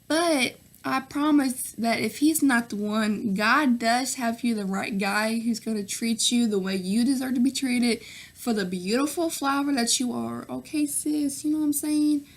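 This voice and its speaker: A woman's voice: on the high side, a little slow. A young woman from Nashville with a Southern accent, chatting through viewer questions in a casual vlog, full of fillers and pet names, often laughing between answers. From Nashville, Tennessee. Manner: chatty, full of fillers and "girl", "sis", "y'all". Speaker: vlogger.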